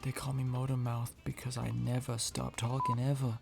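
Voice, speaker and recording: A man voicing a boastful male video game character who never stops talking, in a slightly lowered voice. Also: completely flat delivery, moderate pace, creaky, over music, natural voice.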